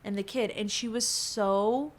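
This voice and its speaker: Brief: woman guest, frank and animated storyteller, medium voice, casual swearing. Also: medium pitch, measured pace. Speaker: podcast guest. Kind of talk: candid conversational storytelling.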